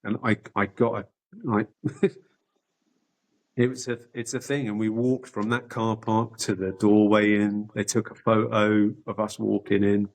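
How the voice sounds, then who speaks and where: Middle-aged man, low-pitched, candid podcast guest, loose and profane, lots of restarts. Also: little pitch movement, unhurried, poor audio. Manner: rambling, sweary, restarts often. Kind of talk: candid personal storytelling.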